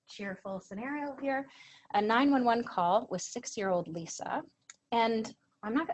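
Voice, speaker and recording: A woman's voice: lowish voice, rough recording. A woman presenting a training lecture, earnest and emphatic. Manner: earnest, emphatic, reads out quoted lines.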